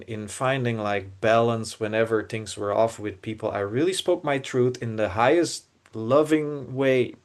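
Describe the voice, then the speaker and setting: Earnest man musing with many restarts. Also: mid-range voice. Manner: earnest, searching, many restarts and repeated words. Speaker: podcast co-host. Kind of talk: reflective casual podcast talk.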